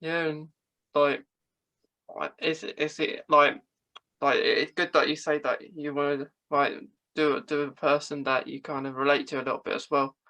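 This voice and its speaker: Guy on a podcast, bright sharp voice, lots of um and like, kinda hesitant. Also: a little high, flat delivery, moderate pace, poor audio. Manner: hesitant, many fillers and restarts. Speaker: podcast guest. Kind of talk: casual chat.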